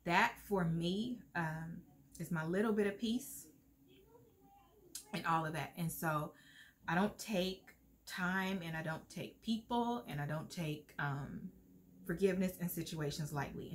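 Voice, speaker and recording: Middle-aged woman, vlogger, earnest, heartfelt, emotional, slightly low voice. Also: normal speed, slight background noise. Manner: heartfelt, earnest, lively pitch swings. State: emotional, near tears at times. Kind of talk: casual talk to camera.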